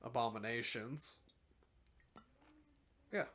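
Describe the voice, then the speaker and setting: A man's voice: mid-range voice, takes it slowly, a bit bright. Curious, jokey male podcast guest. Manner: curious, jokey, asks questions. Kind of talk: casual chat.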